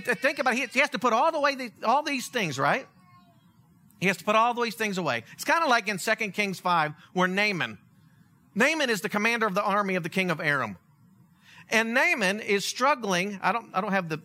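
A male preacher delivering a sermon with animated storytelling. His high voice swings widely in pitch and rings piercingly bright. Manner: animated storytelling, acts out characters. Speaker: pastor.

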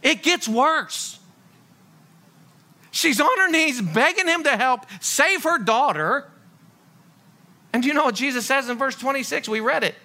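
A man's voice: extremely high pitch, lively intonation, measured pace, long pauses, bright, forceful tone. A man preaching a sermon as a pastor, full of rhetorical questions and folksy humor.

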